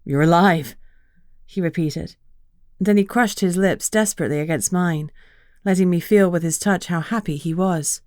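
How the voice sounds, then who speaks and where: A woman narrates a first-person fantasy audiobook with a lower-pitched voice and an even, measured pace. The recording is dry and close, with no room sound. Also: dry recording.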